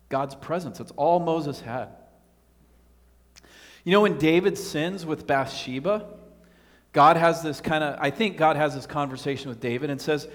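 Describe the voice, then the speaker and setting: Male pastor, slightly high voice, earnest sermon delivery with rhetorical questions, recorded in a large church with a long echo. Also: normal speed.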